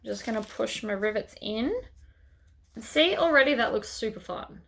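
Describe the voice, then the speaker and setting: A woman's voice: on the high side, animated, moderate pace, gravelly, a bit bright. A woman hosting a sewing tutorial, chatting casually as she works through each step.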